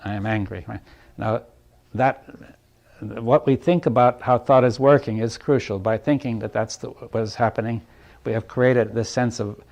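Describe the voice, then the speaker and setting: A man giving a reflective talk to a group, thinking aloud in halting phrases, checking in with "right?" and chuckling lightly between points. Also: mid-range voice, fairly even intonation, vocal fry, darkish tone. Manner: thoughtful, halting, often asks "right?". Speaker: speaker leading a group dialogue.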